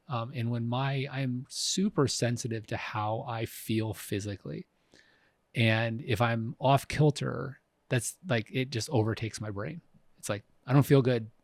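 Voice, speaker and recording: A man's voice: mid-range voice, vocal fry, no room sound. A man in his fifties co-hosting a podcast, talking reflectively and often restarting his sentences. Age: 50s. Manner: reflective, frequent restarts and fillers. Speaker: podcast co-host. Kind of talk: casual conversation.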